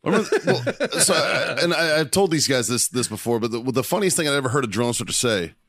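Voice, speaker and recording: A man's voice: medium pitch, animated, quick pace, fairly bright tone, no echo, clean studio sound. A man hosting a podcast, telling profane, laughing stories from his time at boot camp. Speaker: podcast host, former Marine recruit. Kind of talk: casual chat.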